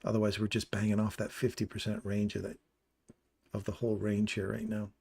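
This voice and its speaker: A man's voice: lowish voice, monotone, brisk, creaky, a little mellow, slightly rough. A man hosting a live trading stream, casually walking through chart levels and explaining entries as he points them out.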